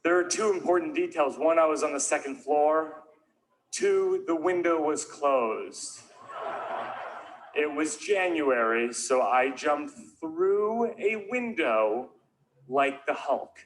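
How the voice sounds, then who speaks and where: A man doing a stand-up comedy routine, telling a rambling story and breaking into sudden shouted yelps. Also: on the high side, lively intonation, takes it slowly. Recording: played back from a stand-up clip.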